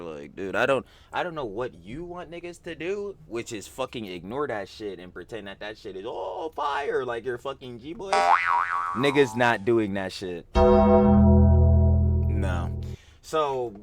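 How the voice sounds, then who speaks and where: A man's voice: lowish voice, very animated, a little slow, over music. A man reacting to a video in casual, profane, slang-heavy banter. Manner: profane slangy banter, bursts into loud laughing rants. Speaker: reaction streamer.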